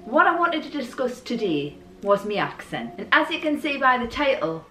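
A woman's voice: on the high side, sing-song, moderate pace, pushed and bright. A woman in her forties with a Geordie accent, chatting casually and rambling a bit as she talks to camera. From Newcastle, England. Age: 40s. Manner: chatty, rambling, self-deprecating. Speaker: YouTuber. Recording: echoey room with faint music.

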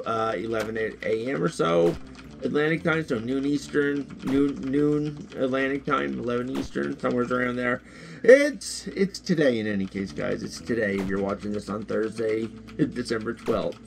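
A man giving casual gameplay commentary as a YouTuber, excitable, jokey and easily frustrated. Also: mid-range voice, moderate pace, vocal fry, a little hiss or hum. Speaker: gaming YouTuber.

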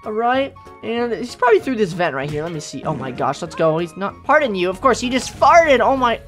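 A woman giving excitable game commentary, gasping and shrieking as she plays. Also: medium pitch, brisk, faint music behind. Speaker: gaming host.

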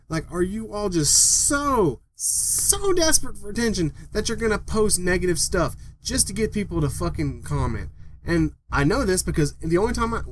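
A man's voice: a little high, slight background noise. A young man vlogging an angry, profane rant, repeating himself as he vents. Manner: heated, profane, repetitive ranting.

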